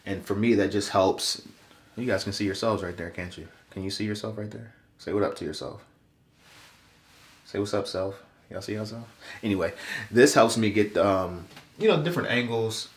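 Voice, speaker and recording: A young man with a stuffy, congested voice, chatting casually to his viewers while giving a haircut tutorial in his bathroom. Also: low voice. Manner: relaxed, chatty, addresses viewers directly. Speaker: vlogger. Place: small bathroom, indoors.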